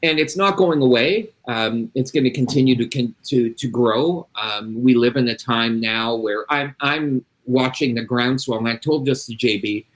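A man's voice: medium pitch, moderate pace, few pauses, low-quality recording. A middle-aged man who works as an addiction interventionist, talking bluntly and emphatically with plenty of swearing in a casual interview.

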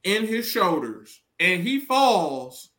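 A man co-hosting a wrestling podcast, telling stories in animated, profane casual chat and acting out quotes loudly. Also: sits high, takes it slowly, roomy sound. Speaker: podcast co-host.

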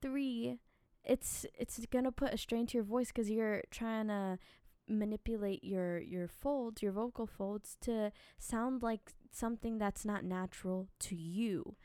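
A woman hosting a casual podcast, chatty and animated, giving singing advice with a slightly dry voice from little sleep. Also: medium pitch, smooth, no room sound. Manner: animated, chatty, quick asides and filler words. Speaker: podcast host and singing teacher.

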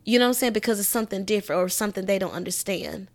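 A woman hosting a solo podcast in casual chat, emphatic and conversational, often checking in with "you know what I'm saying" and jumping up in pitch when she acts out reactions. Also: racing. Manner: animated, raises pitch when acting out reactions. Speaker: podcast host.

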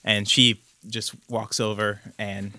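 A man's voice: lowish voice, level tone, takes it slowly, bright, forceful tone. A man narrating a tabletop role-playing game as game master, describing the scene conversationally and loosely. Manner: descriptive, conversational, with frequent "like" and "kind of".

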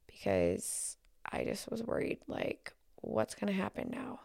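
A woman hosting a solo podcast, talking candidly and haltingly, often dropping to a near whisper. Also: medium pitch, big pitch swings, darkish tone, no echo, clean studio sound. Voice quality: gravelly fry. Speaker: podcast host.

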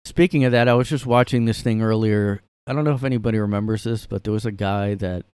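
Rambling low-voiced guy ranting solo. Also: a little mellow, clean tone, no room sound. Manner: rambling, filler-heavy, sarcastic. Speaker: podcast host. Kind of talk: casual solo rant. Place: his room.

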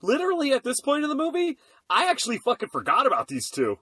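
Man, high bright voice, a bit husky, excitable movie chat, curses a lot. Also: fast, no echo. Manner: loud, excitable, heavy swearing. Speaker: podcast co-host. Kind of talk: casual movie recap chat.

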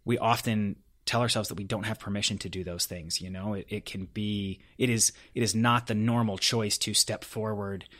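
A man's voice, pitched a little low, speaks in a relaxed conversational interview. He is earnest and reflective and tells personal stories with a self-deprecating touch. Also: moderate pace, hardly any pauses. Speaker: podcast guest.

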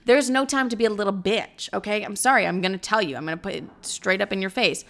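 A young woman talks straight to camera from her apartment, brash and cocky. She swears freely and fills every sentence with "like," and her voice sits at a middle pitch. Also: fast talker, a bit bright. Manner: brash, cocky, profane, lots of "like". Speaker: vlogger giving dating advice. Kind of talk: casual chat to camera. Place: apartment at home.

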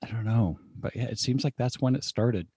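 A man co-hosts a casual podcast and reads an article aloud, adding relaxed asides. His mid-pitched voice sits close and dry on the mic. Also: a little fast, slightly rough, no echo. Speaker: podcast co-host. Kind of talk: casual chat.

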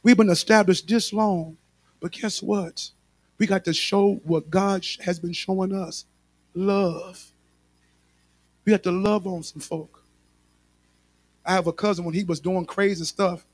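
High-voiced man preaching a sermon. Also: steady tone, moderate pace, pauses often, breathy edge. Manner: emphatic preaching with repetition, addressing congregation directly. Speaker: pastor.

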